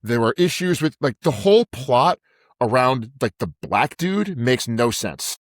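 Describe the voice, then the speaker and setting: A man's voice: medium pitch, big pitch swings, a little slow, no echo, clean studio sound. A man co-hosting a podcast, talking in an emphatic way, repeating words and calling his co-host "dude". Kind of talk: casual chat.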